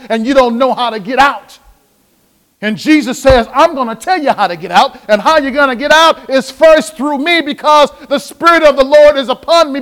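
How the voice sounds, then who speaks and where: High-voiced preaching pastor, man. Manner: preaching with dramatic voiced quotes and repetitions. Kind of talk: sermon.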